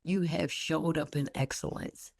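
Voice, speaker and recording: A woman's voice: low voice, steady tone, a little slow, gravelly, a little mellow, dry recording. A woman pastor giving a heartfelt award tribute, emphatic and repetitive, with a preacher's lilt, speaking on a video call.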